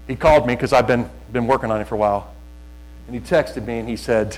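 A middle-aged male pastor preaching like he's telling stories to friends, with jokes sprinkled in. His voice sits at an ordinary pitch and swings from quiet asides to loud, rallying calls. A faint mains hum runs underneath. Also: animated, fast talker, poor audio. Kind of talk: sermon.

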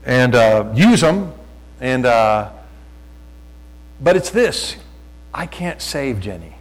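A man preaching a sermon, telling folksy stories and talking loud, often repeating his phrases. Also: mid-range voice, sing-song, slow, low-quality recording. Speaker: pastor.

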